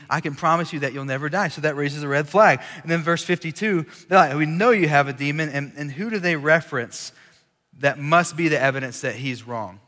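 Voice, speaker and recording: A preacher with a fairly high, sharp voice gives a casual sermon to a live audience, talking conversationally and joking with the crowd. The large hall adds long reverb.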